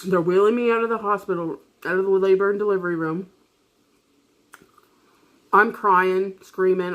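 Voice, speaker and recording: A woman's voice: medium pitch, steady tone, normal speed, pauses often, fairly bright tone. A woman vlogger telling a personal story in casual chat, rambling, swearing freely and laughing often.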